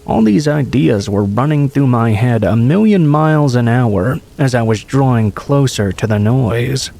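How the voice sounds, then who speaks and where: A man narrating true horror stories in a calm, measured, scripted way. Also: mid-range voice, vocal fry.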